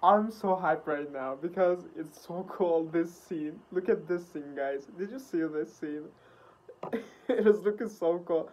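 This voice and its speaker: A woman with hosting a music video reaction, gasping, laughing and swearing excitedly. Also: lowish voice, a little slow.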